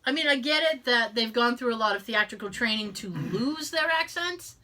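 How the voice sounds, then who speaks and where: On the high side, pushed and bright, with lively intonation at a moderate pace, this woman co-hosts a podcast in loose chat. She has a Boston accent and comes from the area, cursing freely, laughing plenty, and slipping into mock voices for quotes.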